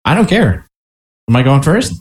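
A man co-hosting a casual podcast, relaxed and joking. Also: medium pitch, normal speed. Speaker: podcast co-host. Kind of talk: casual chat.

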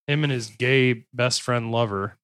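A man's voice: medium pitch, measured pace, fairly bright tone, no echo. A man in his thirties or forties hosting a casual true-crime podcast, reading case notes and riffing with crude jokes. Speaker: podcast host.

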